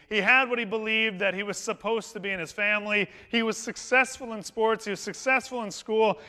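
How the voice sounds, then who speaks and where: Male pastor, high voice, conversational storytelling sermon, church reverb. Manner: conversational, anecdotal, warm humor. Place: church sanctuary. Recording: long hall reverb in a church.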